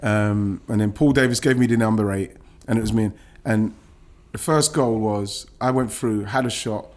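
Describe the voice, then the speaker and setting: A middle-aged man from England, a former footballer, telling an emotional personal story in a podcast interview, animated, swearing and stumbling over restarts when moved. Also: on the low side, moderate pace.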